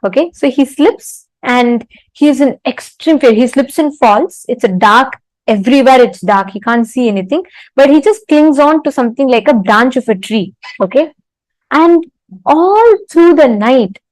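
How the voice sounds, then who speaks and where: A woman giving an unhurried spiritual talk to an online audience, pausing often and telling a parable. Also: sits high, expressive, darkish tone, dry recording, poor audio. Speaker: spiritual teacher. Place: temple.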